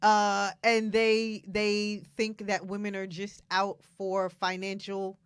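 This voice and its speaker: A woman's voice: medium pitch, completely flat delivery, slow pace, smooth, no echo. A woman co-hosting a casual talk show, speaking frankly, often laughing and acting out quotes. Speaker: co-host.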